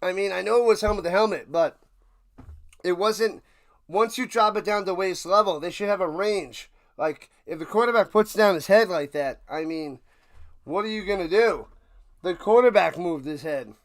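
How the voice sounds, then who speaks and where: A high-voiced man calls football plays live for his stream's watch party. He rants and repeats himself, jumping from shouted outrage to low grumbling mutters. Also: normal speed. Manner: excitable, swings from ranting shouts to low mutters; repeats himself while ranting. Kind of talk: live play-by-play and reaction commentary.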